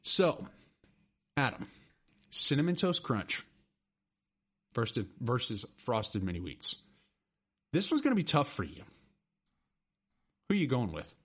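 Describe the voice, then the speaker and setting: A middle-aged man hosting a casual podcast chat, rambling and excitable. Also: mid-range voice, a little slow, pauses often, breathy edge. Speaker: podcast host.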